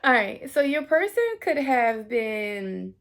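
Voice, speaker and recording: A woman's voice: on the high side, expressive, takes it slowly, a bit bright. A woman in her thirties giving a casual tarot reading to camera, chatty, full of fillers, and swearing now and then. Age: 30s. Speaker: tarot reader.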